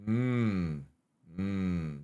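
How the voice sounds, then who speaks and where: A man's voice: deep voice, drawn-out words, dark tone, clean tone, dull audio. A young Scottish man chatting with his viewers while streaming a game, blunt and sweary, humming and musing aloud as he thinks. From Scotland. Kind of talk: casual live-stream chat.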